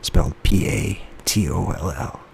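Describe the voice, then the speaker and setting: A man reading his own novel aloud in a soft-spoken ASMR style, slipping into whispers now and then. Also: unhurried, gravelly. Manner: soft, low-key reading that slips into whispers. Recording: lo-fi with faint background noise.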